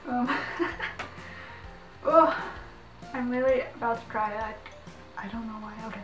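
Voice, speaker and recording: A young woman with a fairly high voice gushes and giggles as she opens a package, leaning on "like" in nearly every sentence. She sounds a little away from the mic in an echoey room, with faint music underneath. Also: takes it slowly, long pauses, far from the mic. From Canada. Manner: excitable and giggly, heavy use of "like". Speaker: vlogger. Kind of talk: casual unboxing vlog.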